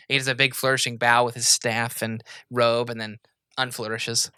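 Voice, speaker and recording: A man narrates a tabletop game as game master, stopping to correct himself as he describes the scene. His voice is bright and the recording dry and close. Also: mid-range voice, flat delivery, moderate pace, smooth, no room sound. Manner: rambling, self-correcting narration.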